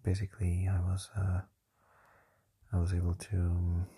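A young man whispers his nightly podcast diary while lying down, keeping quiet for housemates asleep nearby. His voice is low, dark and very breathy, and he talks slowly and flatly, pausing often on fillers. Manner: soft whispering, hesitant with many fillers. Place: lying down in a shared home at night.

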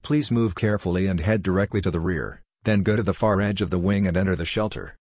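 A man reading the part of a calm, logical female android who is helping crash survivors, in a level, matter-of-fact way. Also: deep voice, quick pace, no room sound, studio quality. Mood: instructive.

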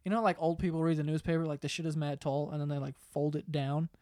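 A man's voice: fairly high pitch, quick pace, no room sound, studio quality. Young man telling stories, laughing. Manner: animated, laughing, swears freely, acts out other people's lines. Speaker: podcast host. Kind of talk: casual storytelling among friends.

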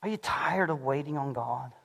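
A pastor preaching a sermon in a church, animated and swinging between shouting and hushed lows. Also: male voice, moderate pace, vocal fry, breathy edge. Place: church sanctuary. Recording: long hall reverb.

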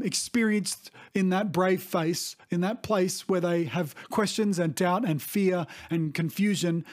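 A middle-aged man preaching a sermon as a pastor, earnest and reflective, often pausing to restate himself. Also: high-pitched. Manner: earnest, reflective, with frequent restarts and "you see".

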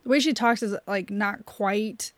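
A woman's voice: mid-range voice, measured pace, no echo. A woman co-hosting a podcast, chatting casually about movies with lots of "like" and easy laughter. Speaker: podcast co-host.

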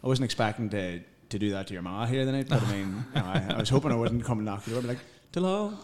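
A man's voice: fairly low pitch, racing, a little mellow. A young man co-hosting a podcast, telling sweary anecdotes in casual chat. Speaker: podcast co-host.

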